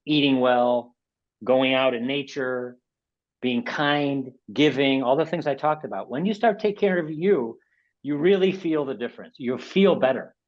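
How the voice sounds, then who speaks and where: A man's voice: medium pitch, normal speed, dull audio. A man in his sixties from the United States presents a webinar in casual, rambling talk, often repeating and restarting words. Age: 60s.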